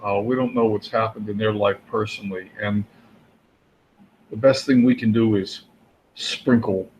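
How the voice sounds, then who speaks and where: A man's voice: fairly low pitch, steady tone, normal speed, a little mellow, slight background noise, low-quality recording. A man co-hosting a casual live show, talking earnestly and rambling with many fillers and restarts. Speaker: co-host of a daily live show. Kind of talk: casual live-stream chat.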